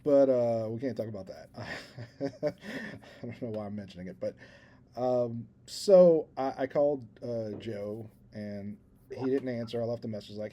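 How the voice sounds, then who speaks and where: Mellow-voiced man telling a rambling story. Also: medium pitch, a little slow, highs cut off, slight background noise. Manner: rambling storyteller, self-deprecating, laughs at himself. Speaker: podcast co-host. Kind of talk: casual chat.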